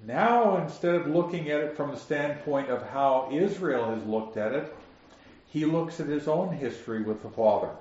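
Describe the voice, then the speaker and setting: A man's voice: a little high, expressive, normal speed, a little mellow. Man teaching scripture in an echoey room. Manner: reads scripture aloud and explains it, asks the audience questions. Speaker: Bible teacher. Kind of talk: Bible study teaching. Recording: very echoey muffled room recording.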